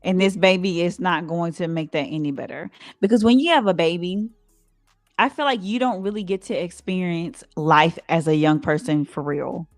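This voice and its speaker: Earnest lower-voiced woman co-host. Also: dry recording, clean studio sound, faint music behind. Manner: earnest, advice-giving, measured. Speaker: podcast co-host. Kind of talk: casual chat.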